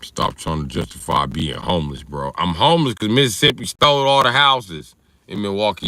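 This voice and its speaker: A man's voice: fairly low pitch, expressive, fairly quick, bright, forceful tone, no echo. A man hosting a livestream, riffing through a loose, profane comedic rant and answering chat. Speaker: livestream host.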